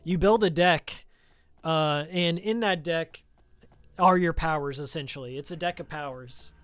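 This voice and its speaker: This is casual live-stream chatter from a man whose voice is a little high and fairly bright, delivered at a measured pace. He plays a game and drifts into tangents about older games, talking into a studio microphone with a pop filter.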